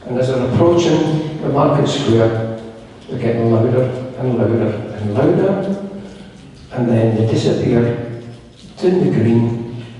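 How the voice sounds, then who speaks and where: A Scottish man introducing his youth band's piece to a concert audience, telling a relaxed local story. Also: mid-range voice, a little slow. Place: large concert hall with audience. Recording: echoey hall from far off, faint hiss.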